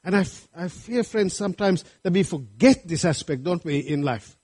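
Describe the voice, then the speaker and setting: A man's voice: high voice, expressive, moderate pace, a little mellow, breathy edge. A man preaching a sermon, earnest and rising to fervent appeals to his congregation. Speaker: pastor.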